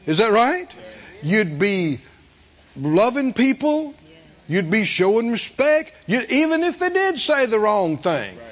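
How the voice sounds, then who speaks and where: Preacher man, real high lively voice, folksy, dull lo-fi sermon tape. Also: slow. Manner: animated, folksy storytelling with rhetorical questions to the congregation. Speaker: pastor.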